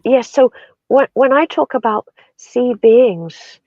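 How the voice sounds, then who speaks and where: A woman from Ireland, a shamanic practitioner, telling spiritual stories in a soft, reflective way with many pauses and fillers in an interview. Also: a little high, dry recording. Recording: dull lo-fi sound.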